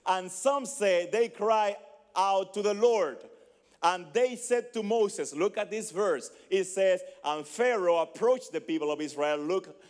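A pastor preaching in a large hall, his high, light voice ringing out with a long reverb tail. He is a man with who hammers points through repetition and rhetorical questions. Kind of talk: sermon.

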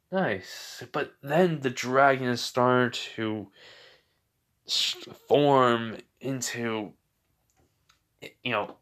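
A man's voice: medium pitch, fairly bright tone. A young man casually improvising a fan fiction story, rambling with many fillers and self-corrections.

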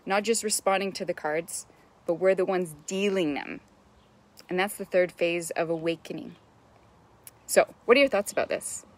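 A woman's voice: fairly low pitch, moderate pace. A young adult woman, a business mentor, giving an enthusiastic, chatty live-stream coaching talk, greeting viewers and swearing now and then.

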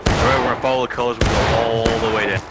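A man in multiplayer voice chat calmly calling out directions to his squad, with loud gunfire all around. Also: medium pitch, racing, heavy background noise. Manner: practical, calls out directions to the squad. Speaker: teammate giving orders.

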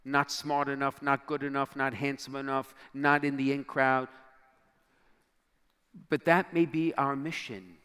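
In a large convention hall with a long, echoing reverb, a middle-aged bishop preaches to youth through storytelling. His medium-pitched voice is clean and sharp, level in tone and measured in pace. He performs the characters' lines dramatically, falling almost to a whisper when the story turns crucial.

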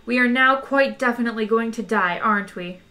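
A woman's voice: fairly high pitch, brisk, pushed and bright. A woman doing a fretful bewildered man. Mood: gloomy. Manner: fretful, pleading. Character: anxious bewildered Englishman in space.

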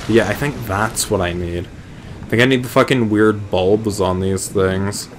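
A young gaming video host plays a video game indoors at home late at night, giving rambling, profane, joking commentary. His voice is on the low side with fairly even intonation and an unhurried pace, and background noise can be heard.

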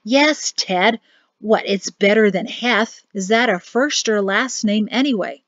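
Woman reading as a soft-spoken, cryptic young man; storybook voice, low and hushed, muffled dry audio. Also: no echo, lightly acted. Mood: wry. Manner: calm, grave, measured warnings. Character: grim quiet young man, cryptic brother.

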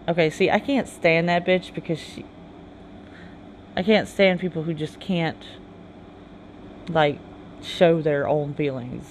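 A gamer reading game dialogue aloud in a halting way, with chatty asides in between. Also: mid-range voice, fairly even intonation, slight background noise, poor audio. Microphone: phone game recording with mic.

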